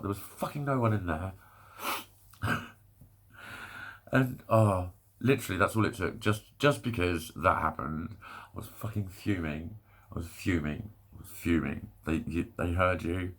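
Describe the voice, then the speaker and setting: A husky, lowish-voiced young man with an English accent vents to his camera in a long, swearing rant. He sounds exasperated and keeps laughing at his own points as he goes. The delivery is loose and unscripted. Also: a bit bright. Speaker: vlogger. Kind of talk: ranting monologue.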